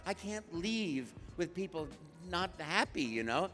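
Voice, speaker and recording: An older man, a guest voice actor, telling stories at a live stage Q&A in an animated, playful way. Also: high-pitched, unhurried, soft background music.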